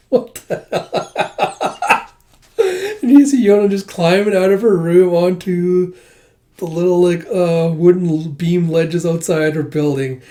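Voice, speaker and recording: A man's voice: high-pitched, steady tone, normal speed, dark tone. A man casually reading through a manga aloud, rambling and laughing often. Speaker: manga reviewer.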